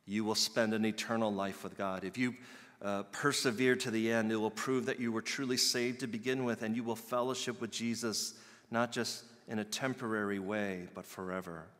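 Male pastor, low-set but bright voice, earnest sermon delivery that swells to loud emphasis, long hall reverb. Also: fairly even intonation, normal speed. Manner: earnest, builds to loud emphatic peaks then drops soft.

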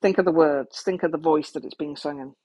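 Her voice sits low and sounds husky and dark, and she talks fairly quickly. The woman speaks openly and practically to the listener about getting through trauma, at times making light of herself.

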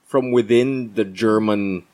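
A young man telling an animated story in a casual chat with friends, laughing as he talks. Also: fairly low pitch, slow pace.

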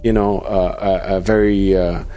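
A man hosting a podcast in casual chat, halting with many fillers and restarts. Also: deep voice, level tone, warm tone, soft background music. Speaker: podcast host.

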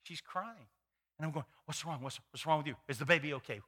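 A man's voice: on the high side, fast. A middle-aged male pastor preaching a sermon in a folksy, storytelling way, acting out the people in his stories. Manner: animated, acts out voices in his stories; folksy, many fillers and restarts.

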